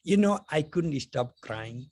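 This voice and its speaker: A man's voice: on the high side, expressive, slow pace, a little mellow, dry recording. Chatty middle-aged man teaching philosophy. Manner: chatty, anecdotal, many "you know" fillers. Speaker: spiritual teacher. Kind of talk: conversational philosophy lecture.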